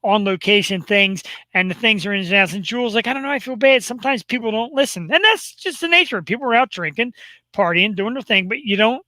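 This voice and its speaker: A man co-hosting a live talk show, chatting casually and jokingly with bursts of excitement. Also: high-pitched, quick pace, dry recording, rough recording. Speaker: co-host. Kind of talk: casual chat.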